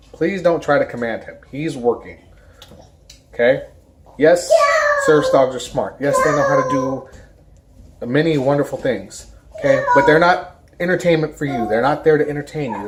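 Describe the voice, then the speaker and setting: A woman with a bass voice who handles a service dog gives an informal educational talk to a camera in front of her. She's emphatic, repeats her key points and does lively impressions of careless strangers, with slight background noise.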